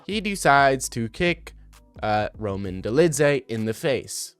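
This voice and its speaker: Animated young man mocking fight replays. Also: medium pitch, takes it slowly, clear, resonant tone, soft background music. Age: 20s. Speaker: video commentator. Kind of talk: casual commentary over fight replays.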